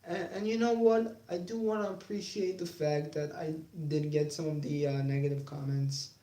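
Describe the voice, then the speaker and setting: A young man hosting his own sports talk channel, talking casually with many fillers and pauses, growing defiant. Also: on the high side, steady tone, warm tone. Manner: halting, many fillers, then heated and defiant. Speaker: YouTube sports channel host. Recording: echoey room.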